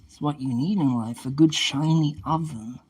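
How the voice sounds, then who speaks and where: A man's voice: fairly high pitch, moderate pace, darkish tone, breathy edge, low-quality recording. A young man livestreaming casually, chatting back to viewer comments and playfully trash-talking an oven as he cleans it.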